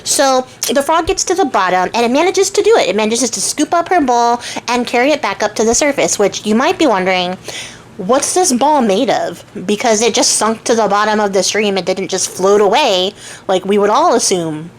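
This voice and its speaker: A woman's voice: fairly high pitch, animated, fairly quick, slight background noise, rough recording. Chatty woman telling a fairy tale with jokes. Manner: chatty, joking asides, digressive. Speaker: crafter retelling fairy tales. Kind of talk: casual storytelling.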